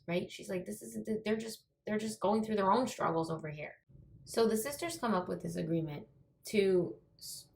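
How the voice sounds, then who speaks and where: A young woman teaches an informal Torah lesson, retelling the story in a chatty way and checking in with her listeners as she goes. Her voice sits low, with a gravelly edge. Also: rough recording. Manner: conversational storytelling with many "like" and "right?".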